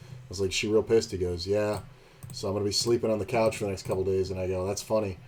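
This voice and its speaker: A man's voice: lowish voice, level tone, quick pace, a little hiss or hum. A man streaming poker and telling a rambling, blunt, profane story in casual chat.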